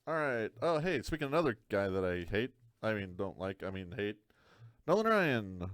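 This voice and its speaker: A man's voice: fairly low pitch, brisk, clean tone, no room sound. A man hosting a live card break, talking through each card with dry joking asides.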